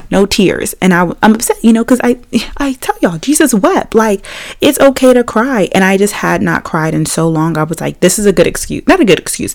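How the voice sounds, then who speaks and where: A young woman hosting her own faith podcast, talking candidly and with feeling about her week. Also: on the low side. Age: young adult. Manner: candid, animated storytelling with laughs. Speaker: podcast host. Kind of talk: casual faith podcast chat.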